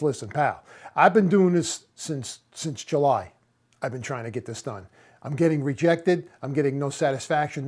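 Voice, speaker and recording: A man's voice: a little high, warm tone. A seventy-year-old man, a plumber, telling a story in a casual vlog, exasperated and stumbling over restarts as he retells conversations. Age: 70s. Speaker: master plumber.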